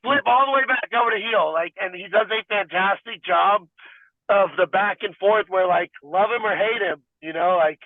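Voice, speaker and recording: A man chatting casually as a podcast guest, rambling and animated, leaning on "like" as he talks. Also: high-pitched, normal speed, no echo. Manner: rambling and animated, heavy filler "like". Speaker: podcast guest, fighter and wrestler. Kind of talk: casual interview chat. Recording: tinny phone-like line.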